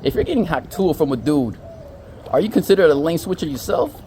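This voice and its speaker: A man's voice: fairly high pitch, expressive, fairly quick, warm tone, slight background noise. A man telling stories in a casual vlog, in a loose, profane and chatty way. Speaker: storyteller.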